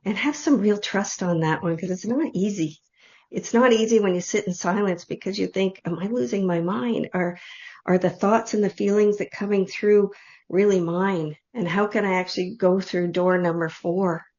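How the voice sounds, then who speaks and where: A woman leading an online group reading, speaking softly and heartfelt in loose, run-on phrases. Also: mid-range voice, moderate pace. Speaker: intuitive reader leading an online group session. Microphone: video call. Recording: dull lo-fi video call audio.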